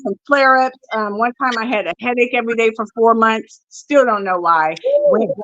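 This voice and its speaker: A woman's voice: fairly high pitch, moderate pace, a bit bright, muffled recording, a little hiss or hum. A woman guest telling her story candidly and expressively in a casual interview, with frequent fillers.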